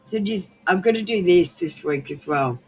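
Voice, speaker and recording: A woman's voice: fairly low pitch, animated, normal speed, a little mellow, breathy edge, soft background music. An Australian woman hosting a live stream, chatting casually and rambling with frequent ums and laughs.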